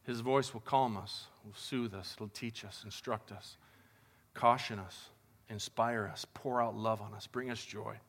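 A man's voice: lowish voice, fairly even intonation, unhurried, a bit bright. A man preaching as a pastor, in a casual, conversational and upbeat way, talking to the congregation as guys. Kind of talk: casual sermon.

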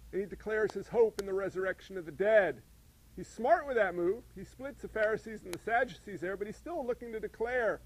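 A man preaching a sermon, animated and asking his listeners questions. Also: high-pitched, low-quality recording. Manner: animated, asks the congregation questions. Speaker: pastor.

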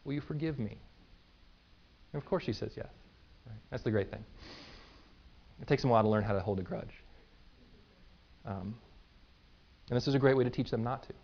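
A man's voice: on the low side, brisk, gravelly, pauses often. A man in his thirties, a pastor giving a sermon in an easy conversational way, often checking in with "right?" and "okay?". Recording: dull lo-fi recording.

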